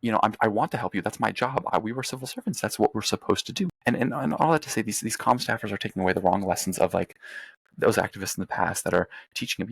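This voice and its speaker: A young man from the United States talks quickly and forcefully, stacking points with casual profanity. His voice is low with a gravelly edge. The sound is dry and close. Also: no echo. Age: young adult. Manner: fast, profane, emphatic ranting. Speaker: podcast host. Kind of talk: casual political chat.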